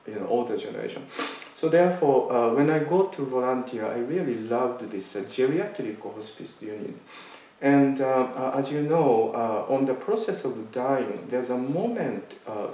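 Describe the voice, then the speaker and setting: A man tells a personal story as a Zen talk, stopping and restarting with frequent fillers. His voice sits at an ordinary pitch. He is heard from a little way off, in a room with heavy echo. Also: dark tone. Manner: halting, many fillers and restarts. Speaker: Zen teacher giving a talk. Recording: echoey room, mic at a distance.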